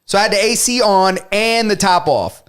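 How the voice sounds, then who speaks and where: Man, high-pitched voice, casual podcast chat, animated storyteller. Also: moderate pace, clean tone. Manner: animated storyteller, acts out both sides of an argument. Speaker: podcast co-host.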